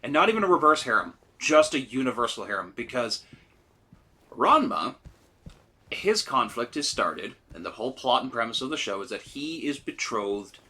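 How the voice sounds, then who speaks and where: A man's voice: normal speed, husky. A man co-hosting a gaming video, chatting casually and animatedly while playing. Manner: chatty, animated, mimics characters in high voices. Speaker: gaming channel co-host. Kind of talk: casual let's-play chat.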